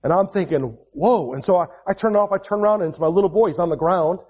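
A man in his forties preaching a sermon, repeating and restarting phrases, moving from quiet storytelling to raised proclamation. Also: high voice, quick pace. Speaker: pastor.

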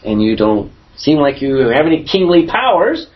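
A man leading a Bible class, his voice swinging up and down with lively emphasis as he quizzes the room. Slightly high for a man. The recording is dull and lo-fi. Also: moderate pace. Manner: asks the class questions, lively emphatic delivery. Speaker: pastor teaching a Bible class. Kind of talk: conversational Bible teaching.

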